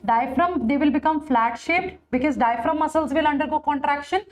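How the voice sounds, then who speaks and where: A high-pitched woman with an Indian English accent lectures on biology. She repeats each key point, and checks in with her students often. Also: fairly quick, soft background music. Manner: addresses students with Hindi endearment "bache". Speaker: biology teacher. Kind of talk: online exam-prep lecture.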